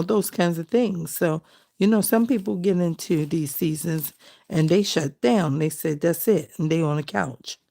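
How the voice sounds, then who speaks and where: Her low-pitched voice is gravelly and dark as this middle-aged vlogger chats away during a crafting session. She comes across as heartfelt and homespun.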